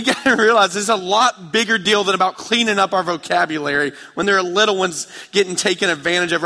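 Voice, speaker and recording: A man preaching a sermon with passion, moving between quiet, intimate passages and loud, fervent ones as he tells a story. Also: high-pitched. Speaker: pastor. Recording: reverberant hall.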